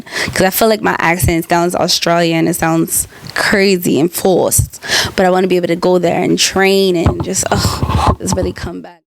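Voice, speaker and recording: A woman's voice: lowish voice, fairly even intonation, normal speed, no echo. A bubbly young woman answers her own interview questions in a loose, chatty way. She is an aspiring talk show host and fills her speech with "like" and "um". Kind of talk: casual self-interview answers.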